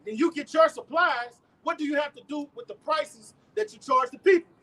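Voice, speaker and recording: A man's voice: extremely high pitch, moderate pace, bright, forceful tone. A man street preaching outdoors, cursing freely and quizzing the crowd with rhetorical questions. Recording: distant mic, faint street noise.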